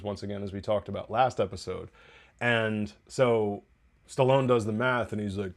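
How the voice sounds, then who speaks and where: A man hosting a TV review podcast, recapping an episode in a loose, chatty way with profane asides and laughs. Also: medium pitch.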